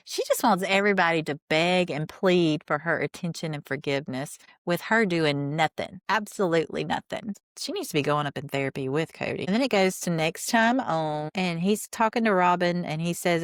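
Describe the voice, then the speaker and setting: A woman's voice: lowish voice, clean tone, no echo, studio quality. A woman hosting a podcast, casually recapping a reality show in an opinionated way, retelling scenes through quoted lines and throwing in sarcastic asides.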